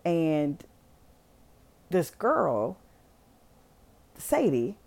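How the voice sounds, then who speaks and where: A woman's voice: deep voice, very slow. A woman casually retelling a film plot, swearing freely and acting out the characters' lines. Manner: animated, swears freely, acts out quotes. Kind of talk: casual storytelling.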